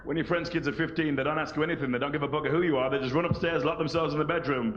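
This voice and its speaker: A man in his thirties doing live stand-up comedy, animated and cheeky, acting out little voices. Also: a little high, rapid-fire, hardly any pauses, a little hiss or hum. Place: large theatre stage. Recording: roomy lo-fi VHS stage recording.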